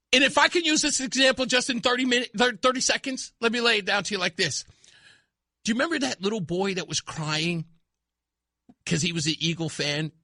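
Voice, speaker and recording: Male talk show host, bright tone, dry studio sound, excitable, laughs a lot. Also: high-pitched, no echo. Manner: excitable, laughs often, mock-confessional. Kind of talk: animated talk radio. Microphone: studio microphone.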